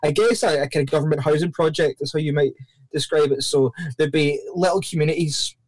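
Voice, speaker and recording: A man with a mixed Northern Irish and Glaswegian accent talks casually and jokingly as a podcast guest. His voice sits a little high for a man. The recording is close and dry. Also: fairly quick, dry recording. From Northern Ireland. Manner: chatty and joking, with lively shifts into mimicked accents. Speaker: church planter guest.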